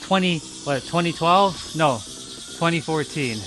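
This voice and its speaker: A man's voice: fairly high pitch, measured pace, over music. A young adult man chatting casually about his photos, loose and emphatic, repeating himself and swearing. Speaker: vlogger. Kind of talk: casual chat over photos.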